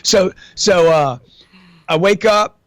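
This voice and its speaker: A man's voice: high voice, slow, fairly bright tone, no room sound. A middle-aged man as an interview guest, talking in a brash, slangy, profane way and calling everyone man and dude. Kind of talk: casual interview talk.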